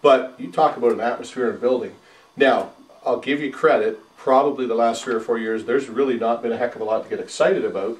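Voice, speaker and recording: Fast-talking man in an echoey room. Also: medium pitch. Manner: quick, conversational, steers the topics. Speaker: podcast host. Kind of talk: casual sports chat. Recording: roomy, distant mic.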